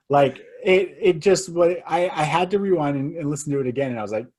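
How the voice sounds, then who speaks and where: A man's voice: a little high, fairly quick, few pauses, darkish tone. A man co-hosting a casual film review podcast, rambling and joking with lots of fillers. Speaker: co-host. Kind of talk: casual movie review chat.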